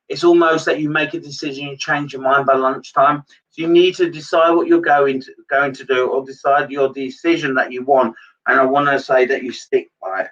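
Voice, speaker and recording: Man, medium on a live stream, rambling and hesitant, bright-edged voice, dull far-off mic. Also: fairly high pitch. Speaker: psychic medium. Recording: dull lo-fi sound from a distance.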